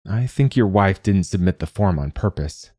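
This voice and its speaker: A man voicing a tall, lonely younger man who speaks quietly and calmly. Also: low voice, normal speed, no room sound, clean studio sound. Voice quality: quiet, soft-spoken.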